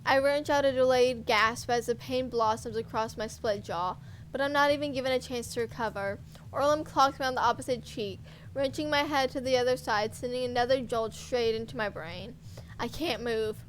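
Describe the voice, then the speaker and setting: A woman's voice: on the high side, moderate pace, slight background noise, rough recording. A woman streamer reading a horror visual novel aloud in first person, intense and dramatic, with offhand asides.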